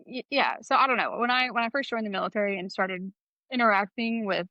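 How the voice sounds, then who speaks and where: A young adult woman co-hosts a podcast, telling a candid, profane story in casual chat. Her mid-range voice moves briskly, and the recording sounds dry and slightly dull.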